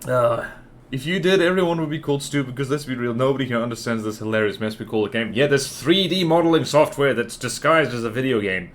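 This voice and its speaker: A man's voice: mid-range voice, fast talker. A man streaming a game, giving casual, joking commentary and talking to himself. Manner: animated, jokey self-talk.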